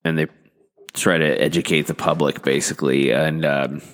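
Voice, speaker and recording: A man hosting a comedy podcast, talking in a halting, deadpan way with many fillers and restarts. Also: a bass voice. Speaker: podcast host. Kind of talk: rambling comic podcast talk.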